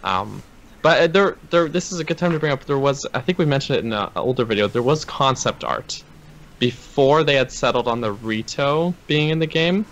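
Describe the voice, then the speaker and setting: A man co-hosting a casual panel talk, speaking in a relaxed, measured way. His voice sits at a middle pitch, with a faint hiss behind it. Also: poor audio. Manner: relaxed, measured, with many affirming murmurs. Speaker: co-host.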